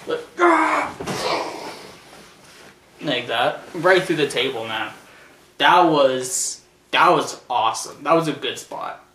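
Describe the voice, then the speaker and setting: A man's voice: medium pitch, unhurried. Rambling man in a roomy room. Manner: rambling and hesitant, full of fillers and restarts; bursts into loud shouted impressions while retelling action. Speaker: show host reviewing a wrestling event. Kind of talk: casual spoken review. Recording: roomy, distant from the mic, faint noise.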